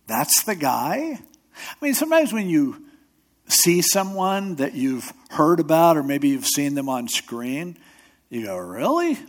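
A man's voice: a little high, expressive, measured pace. A man who pastors a church and hosts a radio show, preaching in a conversational sermon style. He tells stories, acts out quotes in other voices, and talks loosely with restarts and asides. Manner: storytelling, acting out quotes in voices.

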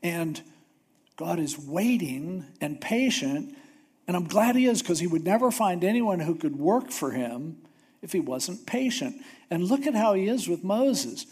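A male pastor delivers a sermon in a relaxed, storytelling manner. His voice sits a little high, and he drops in wry humorous asides. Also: unhurried, husky.

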